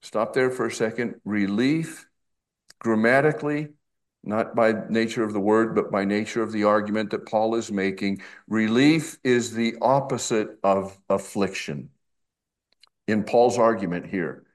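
A middle-aged male pastor preaching an expository sermon, slow and emphatic, with conversational asides. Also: fairly low pitch.

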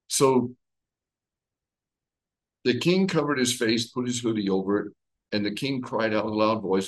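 A man leading a conversational Bible study, retelling the story with lively everyday comparisons. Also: medium pitch, moderate pace, poor audio. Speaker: Bible teacher.

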